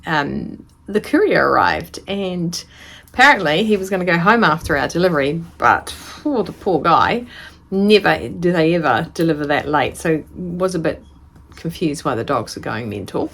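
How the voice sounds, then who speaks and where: A woman's voice: low-pitched, lively intonation, moderate pace, vocal fry, a bit bright, slightly rough. A woman from New Zealand chatting casually while unboxing a parcel in a sewing vlog, rambling and easily delighted. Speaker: sewing vlogger.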